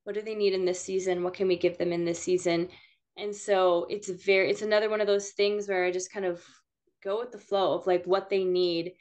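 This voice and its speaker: A woman's voice: medium pitch, level tone, a little fast, a little mellow. A woman, a mother of six, chatting casually as a podcast guest, laughing often and using lots of fillers.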